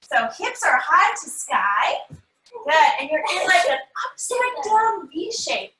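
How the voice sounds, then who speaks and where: Very high-pitched and very animated, this woman instructor speaks slowly in a pushed, bright voice while leading a family yoga class. Her cues are playful, encouraging and sing-song, captured from a distance in an echoey room.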